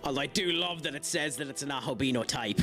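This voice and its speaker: A man's voice: medium pitch, quick pace. Chatty Irish man over game music. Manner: chatty and jokey, with many fillers. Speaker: streamer. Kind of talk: live gameplay commentary, chatting with viewers.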